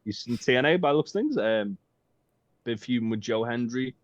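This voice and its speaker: A man's voice: mid-range voice, lively intonation, brisk, no echo. A man co-hosting a casual podcast, rambling and joking with lots of swearing and filler ums. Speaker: podcast co-host. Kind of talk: casual chat. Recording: dull dry lo-fi sound.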